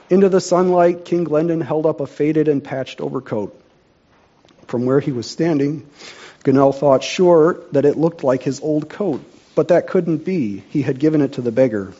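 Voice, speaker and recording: Man, storybook narration, mellow warm tone, dull lo-fi recording. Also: a little high, normal speed.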